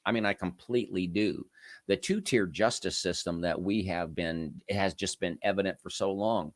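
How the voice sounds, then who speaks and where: Male commentary host, lowish voice, dry recording, loose conversational delivery full of asides. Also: normal speed, no echo. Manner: rambling, with many restarts and asides. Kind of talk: casual online commentary.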